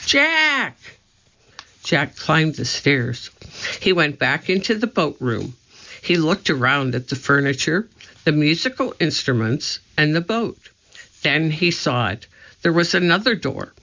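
A storybook narrator reads slowly and deliberately. The voice is bright and has a gravelly fry. The recording is muffled and lo-fi. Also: medium pitch, animated. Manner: slow, deliberate reading. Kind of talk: storybook reading.

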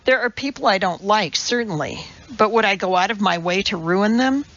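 A man's voice: sits high, animated, moderate pace, gravelly, fairly bright tone, highs cut off, exaggerated voice. A woman voicing an upbeat, confident male rower who talks in a cheerful, reassuring way.

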